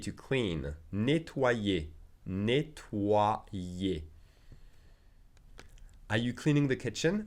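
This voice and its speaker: A man whose first language is French, teaching a video language lesson and patiently repeating phrases slowly for learners. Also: medium pitch.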